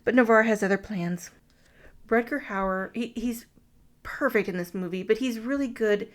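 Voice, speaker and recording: A woman's voice: mid-range voice, moderate pace. Podcast co-host, woman, casual recap, wry and crude. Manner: summarizes the plot with wry, crude asides. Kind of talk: casual movie recap chat.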